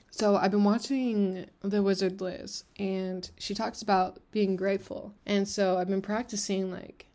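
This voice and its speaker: A woman's voice: mid-range voice, little pitch movement, measured pace, hardly any pauses, warm tone. Candid young woman, confessional podcast. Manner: candid, emotional, rambling with fillers like "like" and "you know". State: tearful at times. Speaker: podcast host. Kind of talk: personal confessional monologue.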